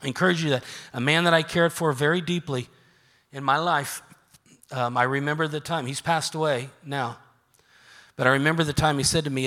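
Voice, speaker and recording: Middle-aged male pastor, emphatic sermon delivery that swings from quiet to shouted, bright voice, long church reverb. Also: a little high, fairly even intonation, a little fast. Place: church sanctuary. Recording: reverberant sanctuary.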